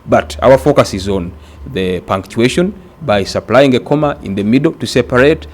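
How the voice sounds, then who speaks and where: In a mid-range, expressive voice, a man from Uganda gives a grammar lesson aimed at exam prep. His pace is deliberate, and he repeats words to drive points home.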